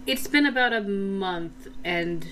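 An earnest young knight, unsure of himself, speaks in halting and sincere phrases, as a woman voices him. The voice is bright and unhurried. There is a faint hiss behind it. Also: medium pitch, low-quality recording. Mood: hesitant.

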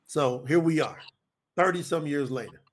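A man, preaching to an audience in a folksy, animated, repetitive way. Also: a little high, normal speed. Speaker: preacher and co-host.

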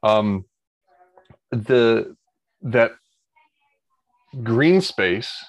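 A man's voice: medium pitch, expressive, very slow, no room sound. A man, talking in a casual podcast chat, rambling with many restarts. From Ohio, United States. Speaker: guest.

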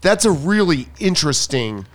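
A man's voice: on the high side, big pitch swings, normal speed. A man co-hosting a casual chat about tennis coaching, enthusiastic and emphatic, often repeating himself for stress.

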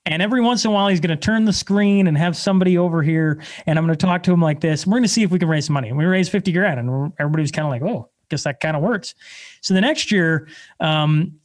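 A man in his thirties from Canada, a podcast guest telling stories in a blunt, energetic, self-deprecating way. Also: fairly high pitch, racing. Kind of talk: casual conversation.

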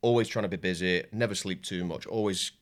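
A man's voice: sits low, a little fast. A man with a Yorkshire accent, a jiu-jitsu coach and guest on a podcast, telling candid stories in casual talk, with frequent restarts and swearing. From Yorkshire, England.

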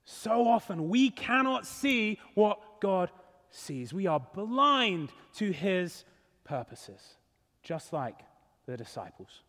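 A man's voice: high voice, very animated, slow, a bit bright, long reverb tail. A male pastor preaching a sermon in a church, earnest and emphatic. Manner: earnest, emphatic, rising and falling.

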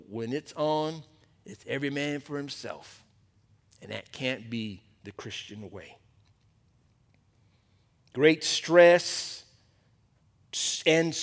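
A male pastor preaches to a men's Bible study in a lively, animated way, often calling questions out to the men. His voice sits a little high for a man. The sound rings with the long reverb of a hall. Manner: animated, calls out questions to the group.

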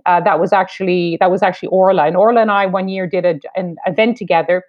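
A woman in her fifties from eastern Canada, a foreign correspondent with a Canadian accent, speaking in a measured, wry, reflective way in an interview. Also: on the low side, steady tone. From New Brunswick, Canada. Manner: measured, wry, deliberate phrasing. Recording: slightly dull lo-fi sound.

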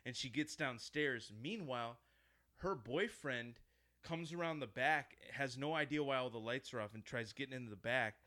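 A man in relaxed conversation walks through a horror film he has seen. His voice sits at an ordinary middle pitch. He tells it with lively animation, swears freely, and drops into little acted-out lines along the way. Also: normal speed. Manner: animated storyteller, acts out quotes, swears often. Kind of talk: casual chat, retelling a horror film.

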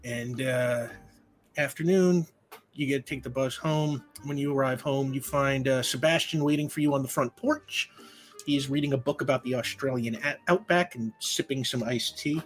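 A man's voice: medium pitch, soft background music. A man running a tabletop role-playing game as game master, narrating with lots of ums and restarts. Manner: halting, lots of fillers.

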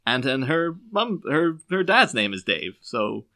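A chatty man in his thirties with a softened Irish accent mixed with English tones. His voice is bright and forward, and he keeps slipping into playful quoted lines and laughing as he talks podcast-style. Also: medium pitch, very animated, measured pace. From Ireland. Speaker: podcast co-host. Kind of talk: casual podcast chat.

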